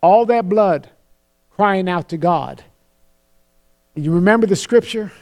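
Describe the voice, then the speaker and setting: A preacher with a high voice and a darkish tone gives an earnest sermon. His phrases often begin with repeated words, and he turns slow and solemn when quoting scripture.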